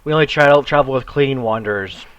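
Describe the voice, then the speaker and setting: A man's voice: mid-range voice, fairly quick. Male player, jokey banter, dull audio, faint hiss. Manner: joking, loud. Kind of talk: casual joking banter. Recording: dull lo-fi recording with faint noise.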